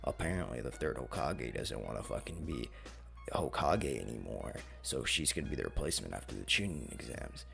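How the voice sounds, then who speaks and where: A man's voice: extremely low pitch, sing-song, brisk, vocal fry, fairly bright tone, soft background music, pitched below the performer's own voice, exaggerated voice. A man voicing a brash, cocky young male ninja who talks in crude slang. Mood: bossy.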